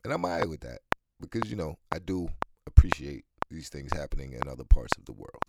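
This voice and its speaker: Deep-voiced man ranting on his podcast. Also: lively intonation, brisk, creaky. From United States. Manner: candid, rambling, laughs often, swears freely. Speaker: podcast host. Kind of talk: casual solo podcast monologue. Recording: loud background noise.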